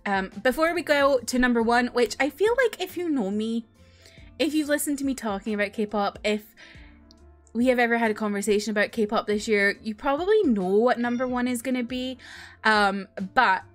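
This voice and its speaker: Give me a chatty young woman gushing and rambling in a casual vlog, slightly high voice with soft music behind. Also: normal speed. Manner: gushing, rambling with many fillers and restarts. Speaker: K-pop video creator. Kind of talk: casual chat ranking songs.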